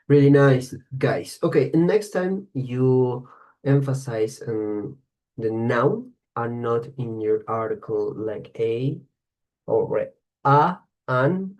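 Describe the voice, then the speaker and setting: A man's voice: medium pitch, a little mellow. A man teaching an online English class, giving praise and repeating words for students to copy.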